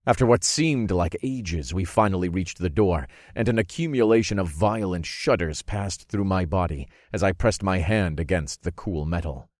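Casting note: male audiobook narrator, very low voice, dry close sound, dramatic first-person storytelling. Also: moderate pace, hardly any pauses, a little mellow, no echo.

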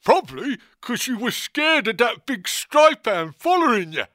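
A man's voice: very high voice, very animated, unhurried, a bit bright, no echo, studio quality, voice pushed up, exaggerated voice. A man voicing a dim-witted male weasel crewman in an audiobook, blunt and tactless. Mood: blurting.

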